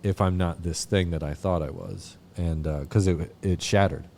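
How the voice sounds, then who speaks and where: A man from Vermont, a podcast guest, telling his recovery story in a halting way with lots of fillers and swearing. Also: low voice, steady tone, mellow, a little hiss or hum. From Vermont, USA. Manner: halting, many fillers and restarts, frequent swearing. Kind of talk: candid personal recovery story.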